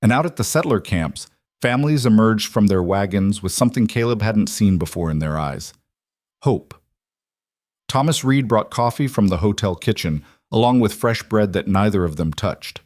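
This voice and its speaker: Low-voiced man narrating a western. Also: expressive, normal speed, a little mellow, no echo, clean studio sound.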